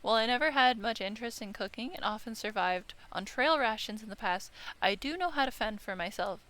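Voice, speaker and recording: A woman's voice: a little high, animated, a little fast, fairly bright tone. A woman playing a visual novel, reading the narration aloud with casual remarks, stumbling and correcting herself. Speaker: let's-play streamer. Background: game music.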